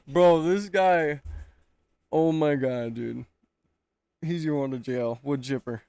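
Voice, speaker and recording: A man's voice: a little high, takes it slowly, vocal fry, dark tone. A man giving casual live reaction commentary, laughing, swearing and talking in slang. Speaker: streamer reacting to videos.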